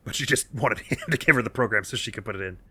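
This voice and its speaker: A man's voice: fairly low pitch, fast, sharp tone, breathy edge. A man hosting a let's play, giving playful, chatty gameplay commentary and laughing often.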